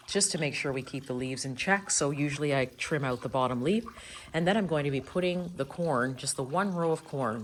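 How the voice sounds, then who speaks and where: Low-voiced woman giving a chatty greenhouse tour. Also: slight background noise. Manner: friendly, explanatory, chatty. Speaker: gardening vlogger. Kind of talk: casual gardening tutorial. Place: inside a greenhouse.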